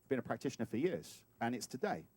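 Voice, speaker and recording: A man giving a sermon as a guest speaker, animated and playful, acting out little scenes as he talks. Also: medium pitch, fast, a little hiss or hum. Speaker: guest speaker at a spiritual center. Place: talk hall.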